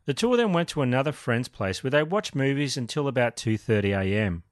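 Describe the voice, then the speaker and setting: A man's voice: medium pitch, expressive, fairly quick, dry recording, studio quality. A man co-hosting a true crime podcast, telling the story steadily with light jokes. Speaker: podcast co-host.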